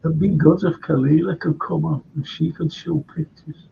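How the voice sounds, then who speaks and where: Older scouse guy hosting a chat show, gravelly, rambly, kinda tired, dull lo-fi sound. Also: fairly high pitch, steady tone, moderate pace. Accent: Liverpool. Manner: rambling, chatty, with frequent restarts. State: tired from lack of sleep. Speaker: host. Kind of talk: casual chat. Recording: dull lo-fi sound with faint noise.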